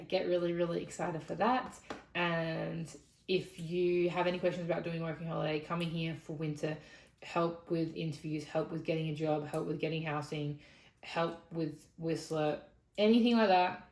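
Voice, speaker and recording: A woman's voice: deep voice, level tone, normal speed, darkish tone, echoey room, rough recording. A young Australian woman talking to camera in a casual, rambling advice vlog, frank and chatty. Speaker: vlogger.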